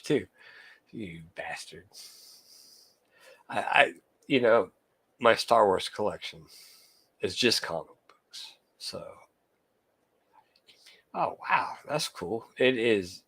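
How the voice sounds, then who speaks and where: Late at night, a collector from California chats casually with his livestream viewers, calling them by name while he jokes and curses without restraint. He speaks at medium pitch with a fairly bright tone and a breathy edge, and the sound has no echo.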